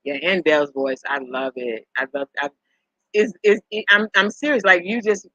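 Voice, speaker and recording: This is a middle-aged woman running a live stream, telling meandering stories in a casual chat, often chuckling and repeating herself. Her lowish voice is bright and forceful, moving at a moderate pace. The sound is dry, dull and lo-fi.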